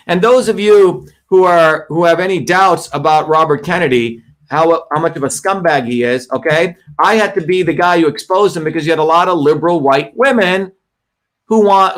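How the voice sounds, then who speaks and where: A man's voice: on the high side, a bit bright. A middle-aged man hosting a live online show, talking in an emphatic, combative way, repeating his points and swearing. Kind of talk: live-stream monologue.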